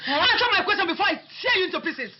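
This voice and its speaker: A woman's voice: extremely high pitch, lively intonation, fast, background noise. An actress playing a quarrelsome, hot-tempered woman neighbour with a Nigerian accent, who hurls mocking accusations and threats. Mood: scolding. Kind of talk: film drama acting. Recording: dull lo-fi film sound with music.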